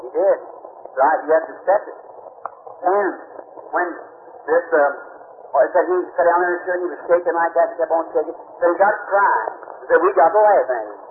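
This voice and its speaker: Folksy preacher on tinny tape. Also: male voice, fairly high pitch, lively intonation, a little fast. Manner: folksy, repeats words, earnest storytelling. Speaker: evangelist preacher. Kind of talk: sermon with storytelling. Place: revival meeting before an audience. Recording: tinny lo-fi archival recording with hiss.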